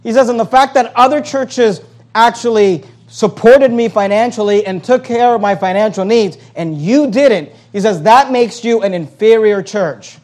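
Animated high-voiced male preacher. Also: moderate pace. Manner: animated preaching, reads scripture then paraphrases with sarcasm. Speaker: pastor. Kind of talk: sermon.

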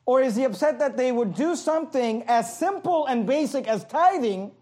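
Man, very high voice, passionate sermon, emphatic scripture reading, sarcastic asides. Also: darkish tone. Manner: reads scripture slowly and emphatically. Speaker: pastor.

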